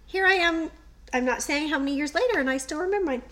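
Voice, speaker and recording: A woman's voice: high-pitched, fast talker, a bit bright. A middle-aged woman co-hosting a podcast, telling a story in a chatty, casual way. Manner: chatty, storytelling, laughs often. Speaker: podcast co-host. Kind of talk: casual chat.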